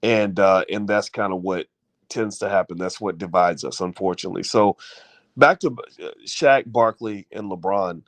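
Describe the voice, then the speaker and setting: A man's voice: low-pitched, moderate pace, no room sound. Fired-up man ranting to his viewers. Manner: passionate, repetitive, rhetorical questions to viewers. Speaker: channel host. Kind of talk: opinion commentary rant.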